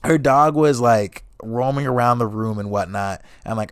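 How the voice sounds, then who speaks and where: A young man telling dating stories in a profane, animated rant, swearing constantly and laughing as he goes. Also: medium pitch, moderate pace, smooth, dry recording. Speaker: vlogger. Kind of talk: profane comedic storytelling rant.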